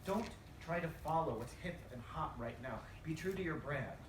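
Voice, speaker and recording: A man speaking as an invited consultant at a lunch seminar, animated and joking, acting out bits of dialogue for the audience. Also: fairly high pitch, moderate pace. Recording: roomy hall, distant mic, ambient noise.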